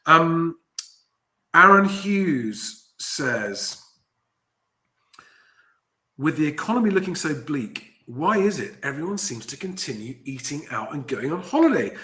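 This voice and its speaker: A man's voice: on the high side, big pitch swings, a little slow, long pauses, bright, forceful tone. A man hosting a casual chat, reading out viewer comments and laughing often. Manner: chatty, laughs often, reads comments aloud. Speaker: host.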